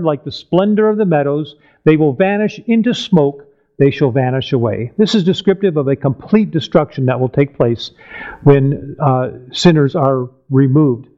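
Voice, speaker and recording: A man delivering a Bible teaching sermon in a fairly high voice. He reads verses aloud and then unpacks them with simple questions. The sound is muffled and lo-fi. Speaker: preacher.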